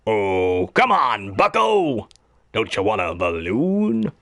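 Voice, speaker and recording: A slow, teasing clown monster speaks in a drawl, toying with a child, as a man puts him on. The voice stays near an ordinary male pitch and sounds dry and close. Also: wildly swooping pitch, a bit bright, no echo, full character voice. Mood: menacing.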